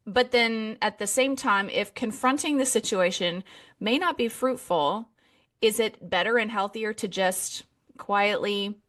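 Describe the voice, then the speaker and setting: A woman's voice: mid-range voice, fairly bright tone. A woman hosting a podcast interview, asking a thoughtful question and rephrasing as she goes. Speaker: podcast host. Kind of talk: interview conversation.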